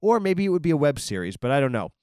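A man's voice: a little high, very animated, quick pace, darkish tone, no echo, studio quality. A man from Long Island hosting a podcast, telling a meandering comic story full of asides. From Long Island, New York. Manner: meandering, many ums and likes, self-interrupting. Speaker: podcast host. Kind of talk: rambling comic storytelling monologue.

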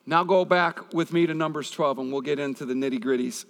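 A male pastor delivers a sermon in a relaxed, conversational way, weaving scripture together with stories from his own life. His voice sits a little higher than most men's, and a long reverb trails behind him as if he were speaking in a large hall. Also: brisk. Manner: conversational preaching with personal stories.

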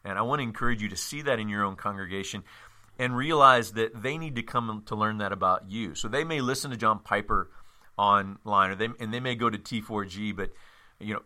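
A man's voice: on the low side, fairly quick, bright, forceful tone. A man who is a pastor, earnest and encouraging, speaking to fellow pastors with joking asides. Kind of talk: casual conversation between pastors.

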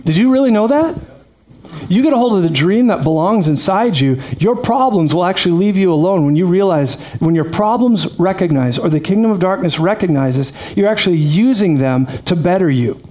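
A man preaching a lively sermon, energetic and quick to laugh, calling out praise to his congregation. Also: high voice. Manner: energetic, laughs often, calls out "praise God". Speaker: pastor.

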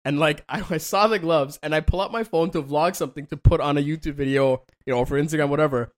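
A man's voice: on the high side, fast. A man co-hosting a casual podcast, telling a travel story with lots of swearing and acted-out quotes. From Canada. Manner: animated, swearing, acts out quotes. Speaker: podcast co-host.

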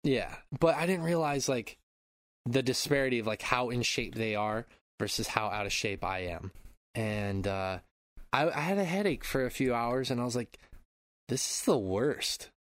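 A man's voice: mid-range voice, moderate pace, a bit bright, no echo, clean studio sound. A man in his thirties co-hosting a podcast, telling a rambling story in casual chat, swearing and laughing often. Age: 30s. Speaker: podcast co-host.

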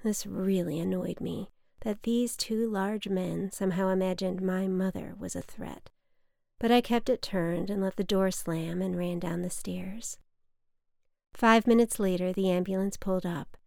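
Woman, memoir reading, measured, wry, gravelly voice, dry close mic. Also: medium pitch, darkish tone, no echo. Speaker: memoir narrator. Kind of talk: reading a personal story aloud.

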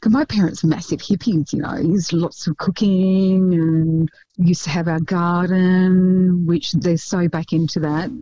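A chatty woman talking casually with a mellow, dark tone, laughing easily as she tells stories. Her voice sits close and dry, with a slightly dull, muffled sound. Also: lowish voice, unhurried, hardly any pauses, no echo. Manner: chatty, laughs often, animated storytelling. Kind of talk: casual chat.

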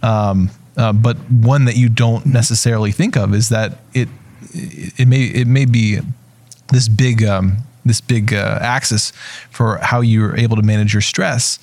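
Thoughtful man asking halting questions. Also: fairly low pitch, fairly even intonation, a little mellow, no room sound. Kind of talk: casual interview.

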